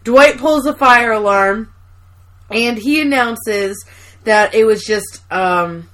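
A woman chatting casually on a podcast, retelling a TV scene with lively quoted bursts and swearing. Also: slow. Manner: animated retelling, acting out quotes in loud high bursts, swears. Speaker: podcast co-host recapping a TV episode. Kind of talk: casual chat.

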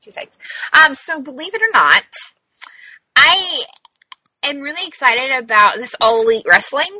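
A woman in her thirties chats loosely as a podcast co-host, leaning on "like" and "um" as she goes. Her voice sits a little high and sounds bright and forward. The sound is dry and close. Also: lively intonation, measured pace, no room sound, poor audio. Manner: chatty, many "like" and "um" fillers. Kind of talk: casual chat.

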